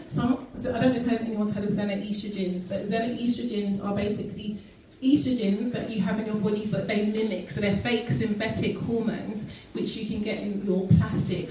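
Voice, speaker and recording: A woman speaks earnestly at an event, talking casually with many ums and self-corrections. Her voice is mellow and dark. She is recorded from a distance in a very echoey hall. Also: mid-range voice, slight background noise. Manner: earnest, with frequent ums and restarts. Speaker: guest speaker. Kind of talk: casual health talk to an audience.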